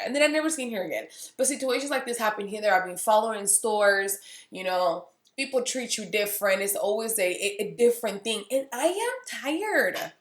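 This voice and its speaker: A woman's voice: mid-range voice, lively intonation, brisk, fairly bright tone. Thirty-something woman vlogging, talks straight to camera, voices everyone in her story, roomy echo. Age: 30s. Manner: candid storytelling, acting out dialogue. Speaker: beauty vlogger. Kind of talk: casual vlog monologue.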